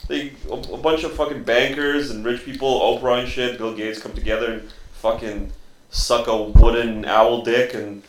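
A man's voice: medium pitch, fairly even intonation, normal speed, roomy sound, a little hiss or hum. A man co-hosting a podcast, rambling in a conspiratorial, filler-heavy way. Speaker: podcast co-host. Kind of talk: casual chat.

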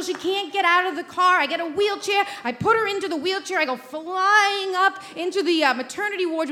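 A woman's voice: extremely high pitch, bright, forceful tone. A woman host telling a brash, profane comic story on a theater stage before a live audience.

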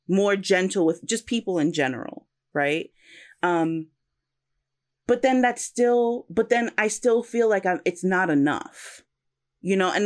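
A young woman co-hosting a casual podcast chat, reflective and searching for words, often restarting her sentences. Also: fairly low pitch. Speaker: podcast co-host.

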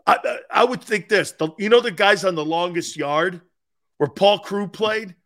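Sports talk host, man in his sixties, rowdy and salty, slightly high voice. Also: moderate pace. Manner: loud, profane, laughing storyteller. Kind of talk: casual storytelling on a sports talk show.

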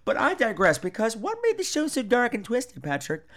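You're a podcast host riffing on horror films: keep it high, animated and swinging, sarcastic and a bit crude. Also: male voice, moderate pace. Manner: animated, campy, profane and sarcastic. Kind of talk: casual movie and theater review chat.

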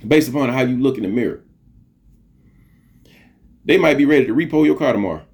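A man's voice: medium pitch, lively intonation, fairly quick, creaky, darkish tone. A middle-aged man hosting a podcast, giving an earnest, preachy motivational monologue, repeating phrases for emphasis and swearing casually. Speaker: podcast host.

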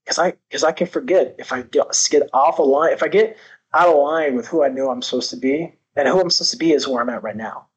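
On a low-quality recording, a podcast guest with a husky voice on the high side talks rapidly. He speaks candidly and intensely about growth, hammering his points home with heavy swearing in a motivational vein.

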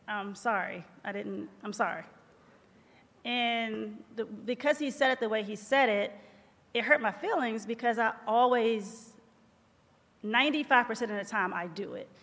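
A woman's voice: a little high, a bit bright. A woman co-hosting a live podcast, playfully telling her side of a story with laughter. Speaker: podcast co-host. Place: live tour venue. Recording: hall reverb with faint room noise.

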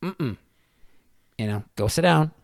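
A man's voice: lowish voice, moderate pace, a bit bright, no room sound, studio quality. A man telling a story in casual podcast chat, rambling with many fillers and swearing freely.

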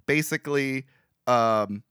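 A young man co-hosting a podcast, recapping a movie in rambling, animated casual chat with frequent laughs. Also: medium pitch, slow, clear, resonant tone, dry recording, clean studio sound.

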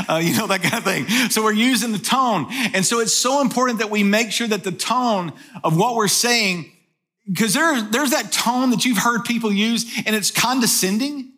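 A man's voice: high-pitched, brisk, bright, forceful tone. A man preaching a sermon in a conversational way, asking the listeners rhetorical questions. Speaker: pastor.

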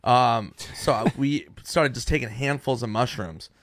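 Young man, podcast co-host, animated profane storytelling, dry close sound, mid pitch. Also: unhurried, no room sound. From Minnesota. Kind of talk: casual storytelling chat.

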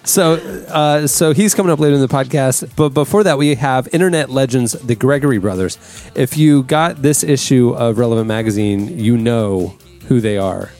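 A man hosting a podcast, chatting casually with his crew, upbeat and quick to laugh. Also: mid-range voice, darkish tone, soft background music. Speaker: podcast host. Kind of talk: casual chat.

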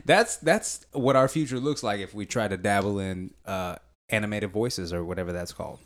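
A man's voice: on the low side, normal speed. A man co-hosting a podcast, chatting casually and joking with frequent laughs. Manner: animated, jokey, laughs often. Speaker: podcast co-host. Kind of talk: casual chat.

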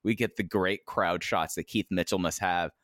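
Male co-host, somewhat low voice, dry sound, rambling delivery. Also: fairly even intonation, a bit bright, dry recording. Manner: rambling, halting restarts. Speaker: podcast co-host. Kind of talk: casual wrestling recap chat.

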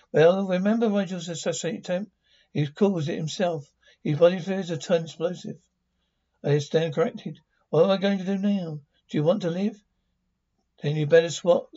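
Male amateur reader, somewhat high, husky, stumbling delivery; muffled lo-fi recording. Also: dark tone. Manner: stumbling over words, reading sound cues aloud. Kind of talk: amateur read-along of a TV episode. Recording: dull lo-fi recording.

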